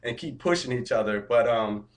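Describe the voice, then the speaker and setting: A man vlogging a casual update, telling his story in an upbeat, motivational way, with a mid-pitched voice. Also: lively intonation, moderate pace.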